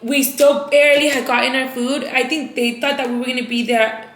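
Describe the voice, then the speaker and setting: A woman's voice: high-pitched, fairly even intonation, a little fast, a bit bright. Emphatic young woman vlogger, echoey room. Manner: emphatic, dramatic storytelling. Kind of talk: casual storytelling to viewers.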